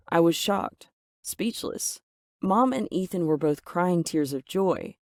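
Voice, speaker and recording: A woman's voice: sits low, measured pace, dark tone, dry recording. Woman narrating a dramatic story, dry. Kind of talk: scripted first-person story narration.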